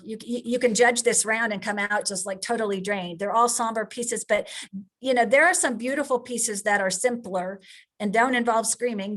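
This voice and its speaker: A woman's voice: a little high, a bit bright. A woman in her sixties, a drama coach giving frank, conversational advice with frequent restarts. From Kansas, USA. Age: 60s.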